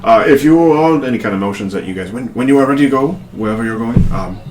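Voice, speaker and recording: A man's voice: mid-range voice, fast talker, darkish tone, a little hiss or hum, lightly acted. A man voicing a flustered male wizard advisor who stammers, apologizes and stays overly polite, in an echoey room. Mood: apologetic.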